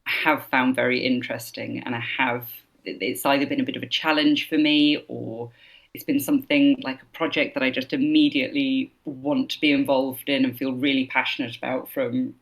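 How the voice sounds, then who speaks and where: A woman being interviewed as a game developer guest, answering thoughtfully and pausing now and then to find her words. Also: a bass voice, steady tone.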